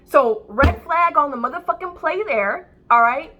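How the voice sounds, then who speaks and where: A woman's voice: high-pitched, lively intonation, measured pace, pushed and bright, dull audio, slight background noise. A woman who calls herself a psychic medium, ranting to camera in a heated, profane, rambling way with many restarts. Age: adult with children. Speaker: self-described psychic medium. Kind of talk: unscripted rant to camera.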